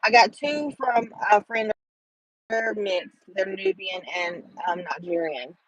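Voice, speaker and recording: A woman's voice: medium pitch, unhurried, no echo, rough recording. A middle-aged woman, chatting with viewers on a casual livestream and rambling with lots of fillers. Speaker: livestream host.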